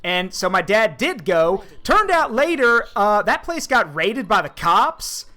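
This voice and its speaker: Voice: mid-range voice, big pitch swings, unhurried, pushed and bright. A streamer host in casual chat, telling a long story with lots of fillers and restarts. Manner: rambling, filler-heavy storytelling.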